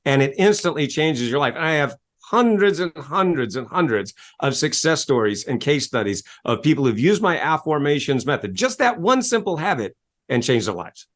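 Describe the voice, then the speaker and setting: A man who works as a self-help coach, telling stories as a guest in an interview with a salesy, animated manner, acting out quotes and spelling words letter by letter. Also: on the high side, moderate pace. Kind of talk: enthusiastic storytelling interview talk.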